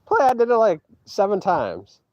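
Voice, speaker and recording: A man streaming from an outdoor hike, trash-talking his chat in a boastful, mocking way with loud teasing outbursts. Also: sits high, wildly swooping pitch, normal speed, no echo, dull audio. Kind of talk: casual trash talk to chat while hiking.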